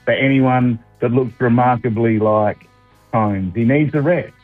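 A man's voice: mid-range voice, unhurried, no room sound, narrow, tinny audio, soft background music. A man with an Australian accent calling in to a radio show, chatting in an easygoing, rambling way with dry humour. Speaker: caller. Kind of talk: casual chat on air. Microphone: phone.

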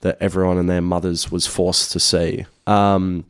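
Laid-back low-voiced male radio host. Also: level tone, normal speed, clear, resonant tone, no echo, studio quality. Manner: chatty, laid-back, slangy. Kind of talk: casual radio chat.

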